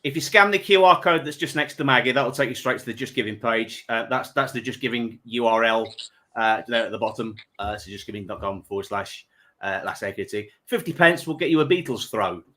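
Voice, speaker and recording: A man's voice: medium pitch, a little fast, sharp tone. A man hosting a charity livestream, telling a long prank story with chuckles and rambling asides. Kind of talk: casual chat, telling an anecdote.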